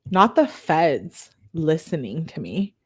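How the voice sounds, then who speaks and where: Young woman, casual chatty commentator, quick to giggle. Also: sits low, very animated, slightly rough. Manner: giggly, chatty, jokes between readings. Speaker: true-crime commentator reading texts aloud. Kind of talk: casual commentary, reading texts.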